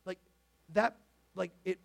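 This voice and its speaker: A man preaching a casual, animated sermon, peppering his speech with "like". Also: takes it slowly. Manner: animated, filler-heavy with frequent "like"; talks to the tech crew mid-sermon. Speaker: pastor.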